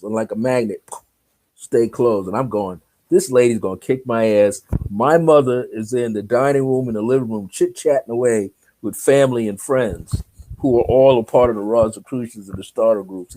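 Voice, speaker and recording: Man, interview guest, animated storyteller, acts out dialogue, laughs often, mellow warm voice. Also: medium pitch.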